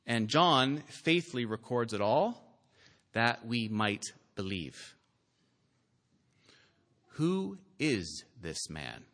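Male pastor, bright clear tone, slow measured sermon delivery that swells into emphatic peaks, church pulpit. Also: mid-range voice, very animated. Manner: earnest preaching that builds to emphatic, rising climaxes; slow, deliberate delivery with filler "uh"s.

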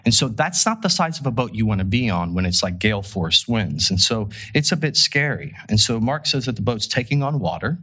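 Male pastor, casual sermon, bright tone with a husky edge, animated storyteller. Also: on the low side, brisk, hardly any pauses. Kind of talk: conversational sermon.

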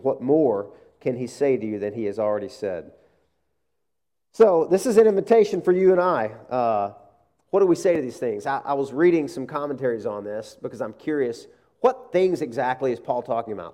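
A middle-aged pastor preaches in a relaxed, conversational way, his voice mellow and dark. He acts out quotes with lively asides. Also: medium pitch. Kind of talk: sermon.

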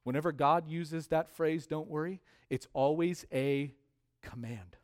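A man preaching a sermon as pastor, stressing key words by repeating them and swinging between quiet drops and loud rises. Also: a little high, a little slow.

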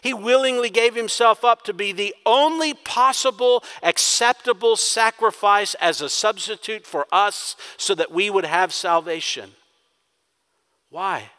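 A man delivers a sermon with a bright, ringing tone. His preaching is emphatic, rising in force and then dropping to hushed intensity. The sound carries a long reverb from a large hall. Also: sits high, measured pace, clear, resonant tone. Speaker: pastor.

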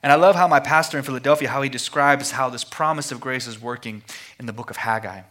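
A man preaching a sermon at a missions conference, passionate and rhythmic, repeating phrases and dropping to hushed tones. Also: medium pitch, quick pace. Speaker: guest preacher.

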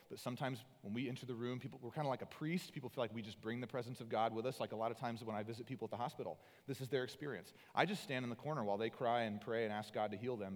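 A man preaching as a pastor, earnest, moving between loud emphatic lines and soft, intimate passages. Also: mid-range voice. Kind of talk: sermon. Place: church sanctuary. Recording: long hall reverb.

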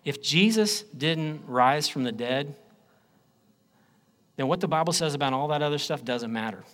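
A man preaching a sermon, swinging between loud declarations and low, quiet phrases. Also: lively intonation, normal speed. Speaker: pastor.

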